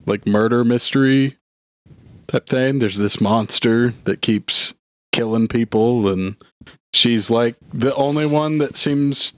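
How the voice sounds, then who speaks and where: A man who is a podcast guest, talking casually and hesitantly with many pauses. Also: medium pitch, dry recording. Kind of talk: casual chat.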